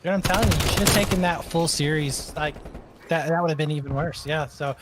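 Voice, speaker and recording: A man's voice: a little high, steady tone, brisk. Male esports co-caster, casual color commentary, heavy game noise. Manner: casual, laid-back, chatty. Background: game gunfire and clicks.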